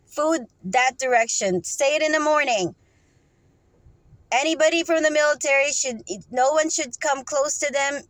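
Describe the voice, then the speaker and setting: Rambling woman with a higher voice. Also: dry recording, low-quality recording. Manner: rambling and instructive, with frequent "okay?" check-ins; restarts and trails off mid-sentence. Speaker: vlogger giving advice. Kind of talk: unscripted advice monologue.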